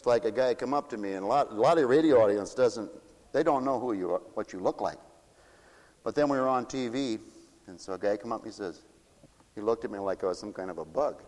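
Preacher man, playful and laughing, big swings from loud to hushed; long hall reverb. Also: on the low side, a little fast. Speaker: pastor. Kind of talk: sermon.

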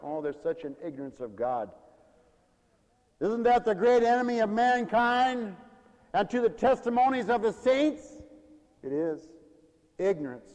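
A man preaching a sermon with fervor, swinging from loud cries to hushed storytelling. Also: high-pitched, animated, measured pace, pauses often. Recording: reverberant hall.

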